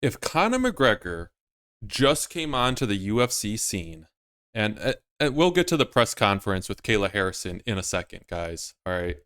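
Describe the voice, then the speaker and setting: A man's voice: lowish voice, big pitch swings, moderate pace, a bit bright, clear, resonant tone. A man hosting his own commentary video, talking casually in a rambling, emphatic, opinionated way. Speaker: MMA YouTuber host.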